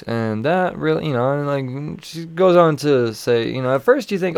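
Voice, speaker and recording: A man's voice: on the high side, animated, moderate pace, gravelly, few pauses, a little mellow, clean tone, no echo. A man hosting a casual comic book review show, late at night and wired on coffee, rambling and swearing freely. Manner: rambling, profane, chuckling. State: over-caffeinated late at night. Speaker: comic book podcast host.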